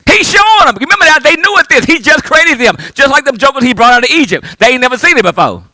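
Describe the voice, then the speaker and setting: High-pitched, lively pastor. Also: male voice, fast, hardly any pauses, dry recording. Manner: call-and-response preaching, swinging from loud to hushed. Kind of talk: sermon.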